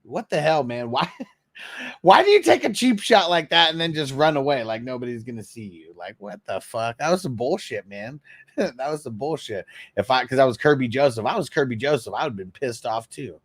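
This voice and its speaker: A man hosting a casual fantasy football live stream, reading viewer comments aloud, cursing freely and laughing often, sometimes animated and sometimes mumbling low. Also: normal speed, breathy edge, dry recording, studio quality. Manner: profane, laughing, swings between animated and mumbling. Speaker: fantasy football podcast host.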